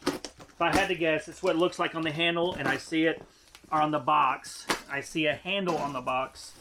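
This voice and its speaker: A man's voice: on the high side, steady tone, normal speed, noisy background. A man vlogging as he unboxes items, chatting casually and thinking aloud about prices and profit. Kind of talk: casual chat.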